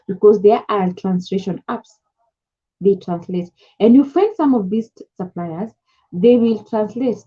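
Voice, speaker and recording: Young woman, Kenyan accent, casual coaching talk, husky voice, dull lo-fi sound. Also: medium pitch. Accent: Kenyan English. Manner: chatty, repeats key points, mixes English with Swahili. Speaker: import business coach. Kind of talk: casual advice talk to camera.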